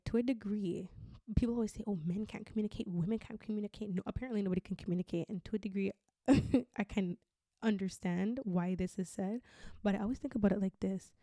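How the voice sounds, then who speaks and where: Young woman podcast host, chatty and blunt, says like a lot, mellow voice, dry close sound. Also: fairly low pitch, no echo. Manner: candid, chatty, heavy use of "like". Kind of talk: casual podcast monologue.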